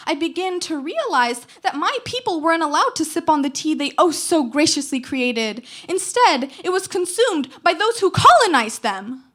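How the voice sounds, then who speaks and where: A teenage girl reciting spoken word poetry at a slam, with rhythmic, emphatic delivery and dramatic pauses. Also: high voice, fairly bright tone. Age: teens. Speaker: slam poet.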